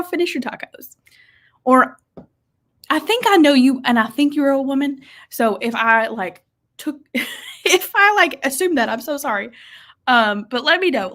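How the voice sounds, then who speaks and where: Woman, young adult, livestream host, bubbly, lively pitch, higher voice. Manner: bubbly, reads viewer comments aloud and reacts. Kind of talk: casual livestream chat reading comments.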